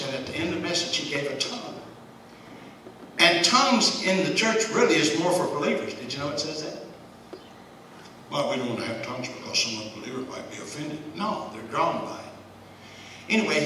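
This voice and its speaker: Brief: folksy Bible study teacher, man, bright forceful voice, recorded from a distance. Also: on the high side. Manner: folksy, conversational, chuckles often. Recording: echoey room, distant mic, faint hiss.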